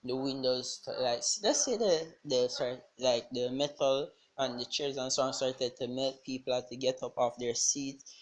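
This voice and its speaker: A man's voice: mid-range voice, moderate pace. A man improvising a fan-fiction story aloud, rambling with many restarts and fillers.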